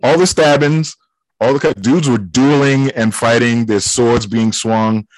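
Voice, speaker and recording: A man's voice: medium pitch, unhurried, darkish tone, no room sound, poor audio. A man co-hosting a podcast, chatting about films in a laid-back, slangy way and laughing often. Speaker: podcast co-host. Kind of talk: casual film chat.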